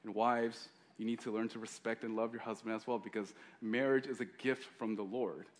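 A man's voice: lowish voice, little pitch movement, fairly quick. A male pastor preaching a sermon in a joking, conversational way.

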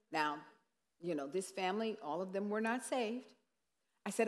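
A woman's voice: medium pitch, moderate pace. Earnest woman preaching in a reverberant hall. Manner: earnest, conversational, with rhetorical asides. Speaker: minister teaching on grief ministry. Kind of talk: sermon-style teaching. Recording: long reverb of a large hall.

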